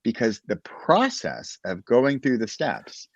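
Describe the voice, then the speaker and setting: A man's voice: mid-range voice, big pitch swings, takes it slowly, vocal fry, dry recording, lo-fi sound. A man who is a guest on a podcast, talking casually and animatedly about writing, often laughing and acting out little conversations.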